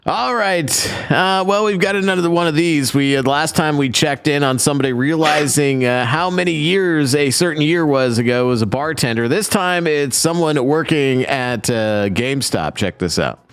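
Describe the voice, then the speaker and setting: A man's voice: on the high side, expressive, moderate pace, hardly any pauses, clean tone. A man hosting a podcast in casual chat, introducing clips in an upbeat, wry way and chuckling often. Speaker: podcast host.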